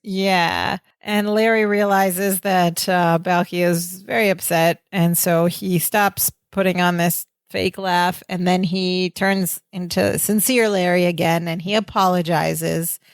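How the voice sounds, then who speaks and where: A woman's voice: fairly low pitch, steady tone, slow pace, few pauses, clear, resonant tone, dry recording, clean studio sound. A woman co-hosting a podcast, casually retelling a sitcom episode scene by scene, with lots of "like". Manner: chatty storytelling with frequent "like". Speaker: podcast co-host. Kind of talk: casual episode recap chat.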